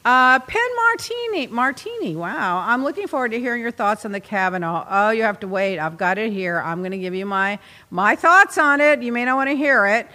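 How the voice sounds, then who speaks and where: Chatty woman podcast host, bright forceful voice, laughs a lot, long hall reverb around her. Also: medium pitch, fairly quick. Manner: chatty, laughs often, lively storytelling. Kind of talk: casual chat. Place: podcast studio.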